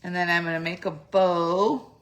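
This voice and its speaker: A middle-aged woman with a slightly phlegmy throat walks through a craft project step by step in a casual tutorial, chatting, thinking aloud and correcting herself. Her voice is fairly low and fairly bright, with fairly even intonation and a normal speed.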